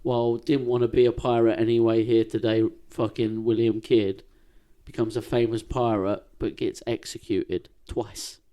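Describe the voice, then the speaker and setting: A man's voice: mid-range voice, little pitch movement, normal speed, few pauses, mellow. A young man, co-hosting a podcast in casual banter, slangy and swearing often. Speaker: podcast co-host.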